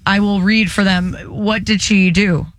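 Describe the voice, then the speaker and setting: A woman hosting a radio talk show in a relaxed, playful way. She teases her guest and keeps the chat light. Her voice is at a medium pitch and sounds close and dry in the studio. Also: unhurried, no echo. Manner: playful, teasing. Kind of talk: casual chat.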